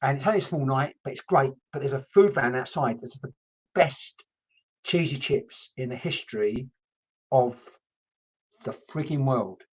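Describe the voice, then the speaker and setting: A man's voice: medium pitch, normal speed, husky, dull audio. A man working as a medium in a live-streamed session, who talks in a rambling, chatty way with many restarts and some mild swearing. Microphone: computer mic.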